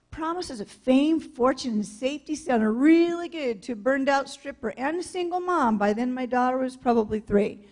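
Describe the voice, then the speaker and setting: A woman's voice: sits high, a little mellow. A woman from California giving a public talk in a blunt, candid storytelling manner. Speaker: speaker sharing her testimony. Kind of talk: public talk, personal testimony.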